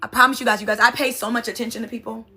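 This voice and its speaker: A woman's voice: on the high side, fairly even intonation, racing, pushed and bright, slightly rough. A woman NLP coach and sound healer giving an emphatic, conversational motivational talk, often checking in with "right?".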